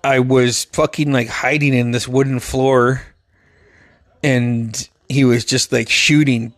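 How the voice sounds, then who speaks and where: A young man telling his dream stories in a casual monologue, swearing constantly and acting out the voices and yells. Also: mid-range voice, unhurried, dry recording, clean studio sound. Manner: profane, animated, acts out quotes with loud yelps. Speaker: storyteller.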